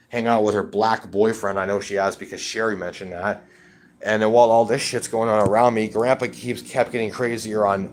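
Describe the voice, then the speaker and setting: A man's voice: lowish voice, a little hiss or hum. A man talking in a personal video update, rambling and cursing heavily in an agitated way. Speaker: vlogger.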